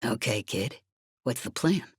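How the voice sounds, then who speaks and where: A woman's voice: extremely low pitch, lively intonation, a little slow, slightly rough, dry recording, pitched below the performer's own voice, exaggerated voice. A woman reading an audiobook, voicing a wary, dryly reluctant man in a space adventure. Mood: wry. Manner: dry and reluctant. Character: wary, wry older male smuggler.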